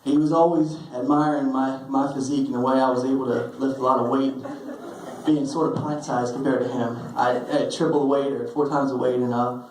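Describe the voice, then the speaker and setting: A man's voice: mid-range voice, level tone, darkish tone, slight background noise. Man giving a eulogy in an echoey hall. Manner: halting, many restarts and fillers, storytelling. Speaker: eulogy speaker. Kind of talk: personal eulogy with stories. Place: funeral service hall. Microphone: phone recording from the audience. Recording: very echoey hall, phone recording.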